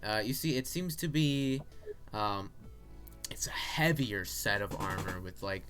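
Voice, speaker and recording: Young male game master, low voice, loose improvised narration over soft music. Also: lively intonation, unhurried. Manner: loose, hesitant narration with fillers.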